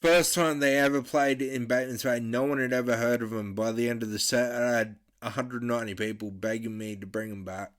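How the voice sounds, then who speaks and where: A man telling stories in a relaxed, casual podcast chat, swearing freely. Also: mid-range voice, fairly quick, hardly any pauses. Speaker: podcast guest.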